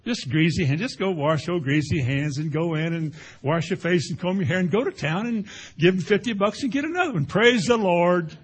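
Folksy, husky-voiced male preacher. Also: a little high, a little fast, hardly any pauses. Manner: folksy, animated storytelling with sound effects. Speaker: pastor. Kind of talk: conversational sermon.

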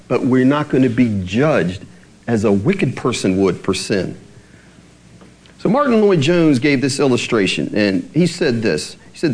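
A man's voice: mid-range voice, darkish tone, low-quality recording. A male pastor delivering a conversational sermon, often checking in with his listeners through rhetorical questions.

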